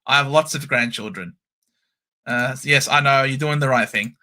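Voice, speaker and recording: A man hosting a live-stream football watchalong, calling the play with animated cheers and banter. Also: mid-range voice, normal speed. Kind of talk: excited live sports commentary.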